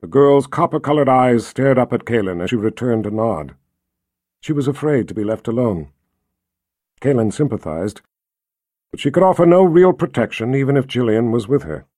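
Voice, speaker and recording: Reading from a fantasy novel, this male audiobook narrator sounds expressive and engaged, with pitch that swings widely. The scripted narration is recorded dry and close, without any room sound.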